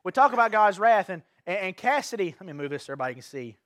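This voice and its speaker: A pastor preaches in a strikingly high voice for a man. He is earnest, circles back over his phrases and keeps putting questions to the congregation. The sound is dry and close, with almost no room around him. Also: sing-song, rapid-fire, a bit bright, dry recording. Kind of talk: evening sermon. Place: church sanctuary.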